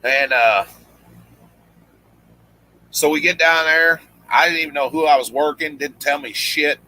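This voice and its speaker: Casting: man, bright and forward voice, casual rambling storyteller who voices the people in his tales. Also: on the high side, measured pace, no room sound, rough recording. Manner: rambling, many restarts, acts out quoted lines. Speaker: guest storyteller, former pro wrestler.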